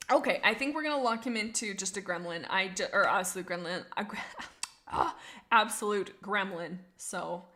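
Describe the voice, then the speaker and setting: A young woman streaming casually, chatting with her viewers and gushing about characters she loves. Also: medium pitch. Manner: gushing, excitable, reads chat aloud. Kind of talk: casual live-stream chat.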